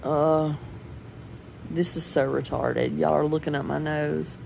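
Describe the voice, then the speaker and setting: A woman's voice: sits low, steady tone, slow, gravelly, a little mellow, a little hiss or hum, low-quality recording. A woman, rambling chattily and laughing often in a personal home vlog. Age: 40s. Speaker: vlogger. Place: at home indoors.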